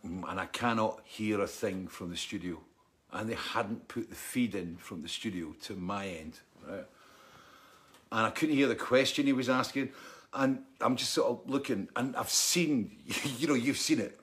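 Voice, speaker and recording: A man rambles through an anecdote in a relaxed monologue, his voice sitting at an ordinary middle pitch. He leaps up in excitement and then drops low and quiet, stopping now and then to laugh or cough while he vapes. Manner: animated storyteller, laughs and coughs between phrases.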